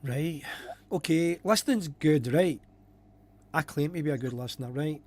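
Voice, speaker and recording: A man's voice: fairly high pitch, normal speed, a little mellow. A man co-hosting a live stream, chatting casually, repeating himself and reading out viewer comments. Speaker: podcast co-host.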